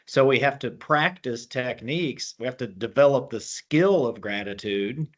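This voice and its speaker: A man's voice: medium pitch, lively intonation, moderate pace, muffled recording. A man speaking as a guest, explaining mental skills in a plainspoken way with military terms. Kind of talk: motivational talk on a call.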